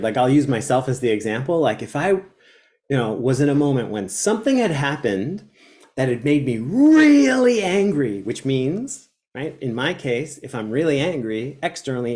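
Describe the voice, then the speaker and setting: A man's voice: medium pitch, a little mellow. A man in his forties, a mindfulness teacher talking as an interview guest, who laughs often and keeps asking rhetorical questions. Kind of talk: conversational interview.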